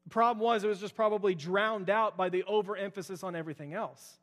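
A man's voice: high voice, quick pace, a bit bright, in a large hall. A young adult man preaching a sermon as pastor, earnest and repetitive in his emphasis.

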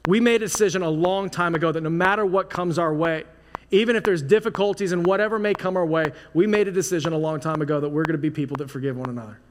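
A man's voice: fairly high pitch, fast. A man preaching a sermon as pastor, in a casual, conversational way full of "like" and restarts. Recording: long hall reverb, faint noise.

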